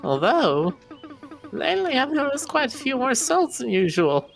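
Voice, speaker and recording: A woman voicing a kindly old woman who keeps the woods, reading game dialogue in a gentle, folksy way. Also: sits high, big pitch swings, unhurried, vocal fry, soft background music, exaggerated voice.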